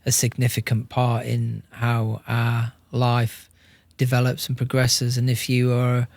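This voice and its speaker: A man, a podcast guest speaking in a measured, reflective way. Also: mid-range voice, completely flat delivery, vocal fry, a little mellow, no room sound. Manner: measured and reflective, with some restarts. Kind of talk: reflective interview talk.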